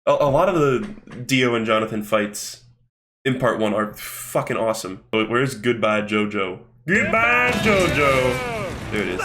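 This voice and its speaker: Young man, host, casual manga commentary, profane, rambling, mid-pitched voice. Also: a bit bright. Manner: profane, rambling, with many fillers.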